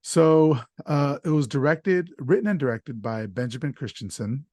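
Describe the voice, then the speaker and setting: A man's voice: a little high, moderate pace, dark tone, dry recording, studio quality. A man hosting a casual podcast chat, talking loosely and stumbling over names, with an easy laugh. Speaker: podcast host.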